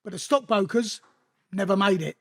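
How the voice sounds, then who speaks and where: A middle-aged London man talking in a high, light voice. He rambles through streetwise stories in a casual interview, swearing freely and doubling back on himself. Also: normal speed, fairly bright tone. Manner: rambling, profane, streetwise anecdotes.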